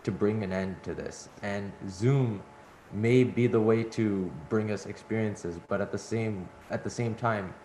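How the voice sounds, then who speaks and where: A man's voice: lowish voice, a little slow, darkish tone. A man moderating an online event, responding to a speaker in a rambling way with restarts and fillers. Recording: echoey room with faint hum.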